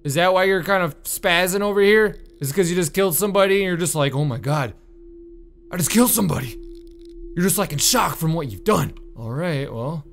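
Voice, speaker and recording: Young male gamer, nervous and jumpy, swearing through horror game commentary, higher than average voice. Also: a little fast, hardly any pauses, fairly bright tone. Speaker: gaming YouTuber.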